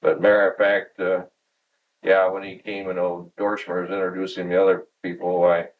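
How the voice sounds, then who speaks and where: Deep-voiced and fairly even in pitch, this man speaks at a moderate pace, heard through a distant mic with narrow, tinny audio. In his sixties and from Michigan, USA, he reminisces at home about workplace anecdotes for an oral history interview, chuckling and playing out dialogue.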